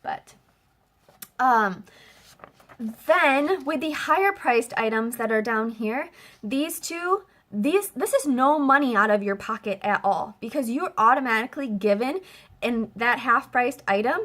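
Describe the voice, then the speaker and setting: A woman who works as a direct-sales consultant, giving quick, chatty how-to tips at home, full of fillers and restarts. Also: a little high, expressive, a bit bright. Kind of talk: casual how-to video.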